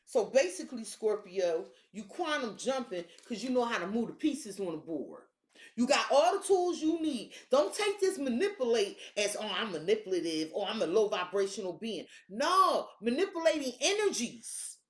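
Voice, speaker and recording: Woman, tarot reader, casual reading, hyped and blunt, profane, lively swinging pitch, echoey room. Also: normal speed.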